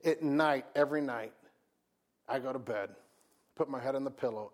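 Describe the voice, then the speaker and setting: Male pastor, mid-pitched, conversational preacher with loud, emphatic peaks and hushed drops. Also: moderate pace, pauses often. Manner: conversational, repeats words and restarts. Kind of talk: sermon.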